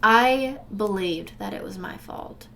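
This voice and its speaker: A woman's voice: mid-range voice, slow pace. A young adult woman telling her own story to the camera in an earnest, emotional way, speaking straight to her viewers. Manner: swings from forceful urging to soft, subdued recollection. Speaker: vlogger sharing a personal story. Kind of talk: candid direct-to-camera storytelling.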